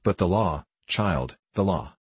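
A man's voice: sits low, lively intonation, takes it slowly, slightly rough, no echo, full character voice. A man voicing a stern ancient woodsman Ak. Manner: grave, commanding.

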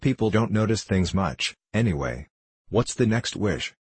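A gruff, grumbling old sand fairy from a storybook, deep and husky, as a man reads him aloud. He mutters his lines in a dry, close, offhand way. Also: animated, a little slow, darkish tone, no room sound. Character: grumpy old male sand fairy, furry and spidery.

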